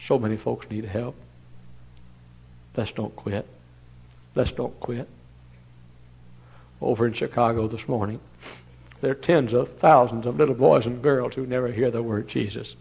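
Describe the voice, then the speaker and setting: An older man preaching a sermon, swinging from loud impassioned cries to hushed, tender storytelling. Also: medium pitch, moderate pace, vocal fry, long pauses, breathy edge. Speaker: pastor. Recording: dull lo-fi sermon recording.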